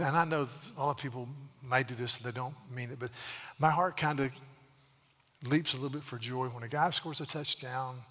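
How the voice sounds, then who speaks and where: A middle-aged man preaching a sermon to his church, earnest, slowing down to stress words and often repeating himself. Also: medium pitch, bright, forceful tone. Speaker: pastor. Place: church sanctuary. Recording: long hall reverb.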